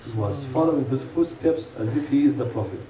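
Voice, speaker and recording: A man's voice: mid-range voice, animated, fairly quick, a crowd in the background. A man giving an earnest sermon, asking rhetorical questions and telling stories to a congregation. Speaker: preacher. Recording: echoey room, mic far off, faint hum.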